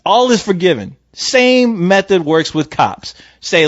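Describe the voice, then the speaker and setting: A man's voice: sits high, unhurried, hardly any pauses, no echo. A man hosting a casual podcast chat, telling a story full of swearing and acting out the voices of the people in it. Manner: profane, animated, acts out quoted voices. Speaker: podcast host. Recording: dull dry lo-fi sound.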